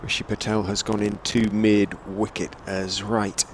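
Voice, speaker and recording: A man giving relaxed ball-by-ball cricket commentary from a rooftop commentary position, rising with excitement on the big shots. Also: on the low side, a little hiss or hum. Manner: measured, chatty, lifts to excited calls on big shots. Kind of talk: radio-style ball-by-ball commentary. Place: commentary position on a stadium hotel roof.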